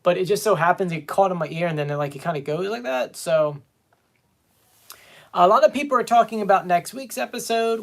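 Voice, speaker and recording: A man hosts a fan live stream from home, talking loosely and reading viewer comments aloud. His pitch swings around a lot as he chats. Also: gravelly. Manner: chatty, reads viewer comments aloud, animated. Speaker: fan show host. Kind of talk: casual live-stream chat.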